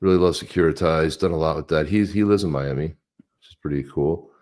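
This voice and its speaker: A man's voice: very deep voice, brisk, darkish tone. A man co-hosting a casual crypto podcast, joking and sarcastic as he reads posts aloud. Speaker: podcast co-host. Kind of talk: casual chat.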